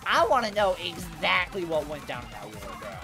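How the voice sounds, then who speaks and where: A woman live streaming a video game, chatting casually in slangy, animated speech that leans on "bro" constantly. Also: low voice, normal speed, music in the background. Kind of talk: casual livestream chatter over gameplay.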